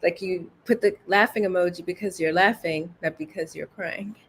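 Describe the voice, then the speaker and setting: A woman co-hosting a casual podcast chat over a video call, animated and laughing often as she acts out voices. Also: fairly low pitch, moderate pace, slightly rough. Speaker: podcast co-host.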